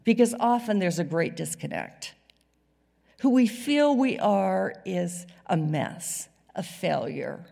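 A woman preaching a sermon to a church congregation, swinging from loud emphasis to hushed whispers. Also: on the low side, lively intonation, slow, creaky. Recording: reverberant hall sound.

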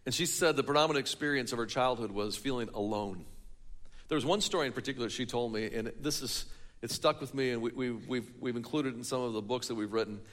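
A man's voice: medium pitch, fairly bright tone. A man preaching a sermon in a church hall, telling a story and building it with rhetorical questions. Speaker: pastor.

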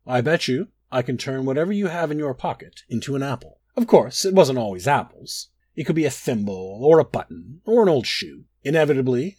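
A man reading a dark first-person fantasy story aloud, brooding and expressive with dramatic rises and drops. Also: mid-range voice, slightly rough, dry recording. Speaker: narrator.

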